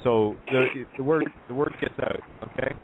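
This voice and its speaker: A man co-hosting a talk radio show, rambling and halting with many fillers. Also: mid-range voice, slight background noise. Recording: phone line.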